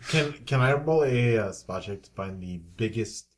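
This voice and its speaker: Male player, low voice, blunt and emphatic, faint noise. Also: expressive, moderate pace. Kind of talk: casual tabletop play.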